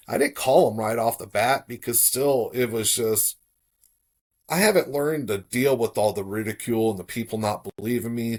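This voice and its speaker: A middle-aged man from South Florida, a podcast guest telling a personal story in a relaxed, casual way, livening up when he quotes others. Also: mid-range voice.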